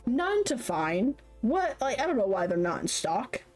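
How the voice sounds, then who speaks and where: A woman streamer in her late twenties talks casually and at length, drifting from one thought to the next. She laughs often and swears freely. Her voice sits at an ordinary mid pitch. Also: very animated, moderate pace, a little mellow, faint music behind. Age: late 20s. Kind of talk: casual chat on a live stream.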